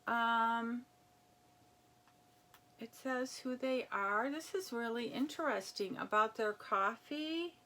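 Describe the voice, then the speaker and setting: A woman chatting casually as she unboxes a gift package, reading labels aloud and reacting with excitement. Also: fairly high pitch, slow pace. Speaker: unboxing vlogger. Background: crinkling packaging.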